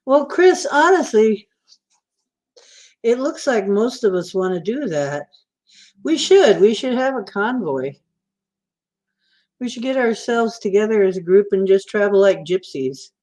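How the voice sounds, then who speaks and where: A woman's voice: mid-range voice, expressive, measured pace, pauses often, a little mellow. A woman hosting a casual livestream, chatting in a rambling, teasing way and laughing easily. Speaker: livestream host.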